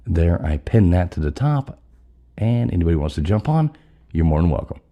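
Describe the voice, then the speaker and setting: A man's voice: sits low, very animated, normal speed, warm tone, highs cut off. A man hosting a casual live stream, chatty and loose, swearing casually, his voice scratchy from being sick.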